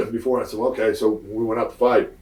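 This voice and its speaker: A man's voice: on the low side, steady tone, fast. A middle-aged man, a former wrestler, telling a story in a casual interview. He fills it with fillers and acts out the voices of the people he quotes. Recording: roomy, distant mic.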